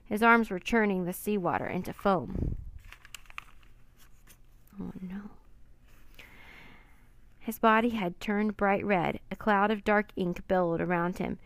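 A woman narrating a children's storybook in a steady, plain reading voice. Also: mid-range voice, moderate pace, clear, resonant tone.

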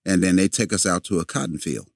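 A man guesting in a conversation, telling a story in an animated way, repeating words as he goes and acting out the lines of the people in it. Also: low voice, fast talker, gravelly, breathy edge, dry recording, studio quality. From a city, with family in the American South.

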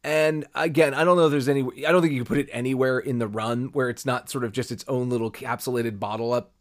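With a steady tone and a mid-range voice, a man co-hosting a podcast talks fast. He rambles in a relaxed chat, voicing quoted reactions as he tells things.

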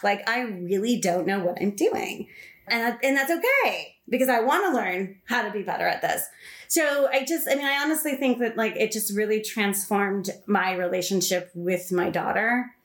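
Animated woman chatting about books, laughs a lot, echoey room. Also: on the high side. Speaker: podcast guest. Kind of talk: casual book chat. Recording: roomy echo.

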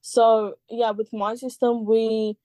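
A woman's voice: a little high, level tone, slow, mellow, no room sound. A woman talking as a podcast guest in casual chat, rambling with many fillers and the odd swear word.

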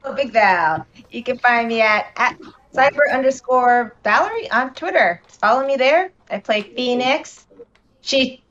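A woman's voice: fairly high pitch, animated, measured pace, fairly bright tone. Playful woman player on a lo-fi call. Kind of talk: casual game-stream chat. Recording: dull lo-fi call audio.

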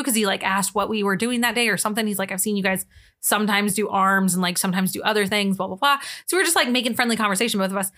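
Bright-voiced young woman telling stories. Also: fairly high pitch. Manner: storytelling with lots of "like" and laughs. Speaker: podcast co-host. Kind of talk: casual chat.

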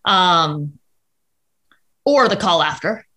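A woman, a journalist guest on a podcast, talking casually in quick bursts with frequent restarts. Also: on the low side, expressive, bright, forceful tone. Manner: chatty, quick with many restarts.

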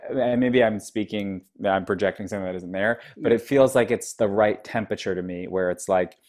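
Halting man talking close to a handheld mic. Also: on the low side, darkish tone. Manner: halting, self-correcting, giggly. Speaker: podcast co-host. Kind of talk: casual group chat. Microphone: handheld mic held to mouth.

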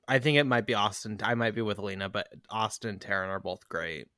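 A man's voice: lowish voice, fast, pushed and bright, smooth. A man co-hosting a casual film-review podcast, bantering with dry, teasing remarks. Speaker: podcast co-host.

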